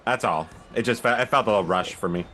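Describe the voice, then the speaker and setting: Low-voiced laid-back man chatting. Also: quick pace, sharp tone. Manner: laid-back, hesitant with fillers, joking. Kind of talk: casual chat.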